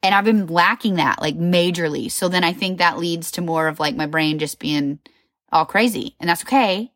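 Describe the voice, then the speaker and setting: A woman's voice: fairly low pitch, moderate pace, fairly bright tone, dry recording, clean studio sound. A woman in her thirties talking candidly in a rambling, self-reflective monologue, often checking in with "right?". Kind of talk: casual personal monologue.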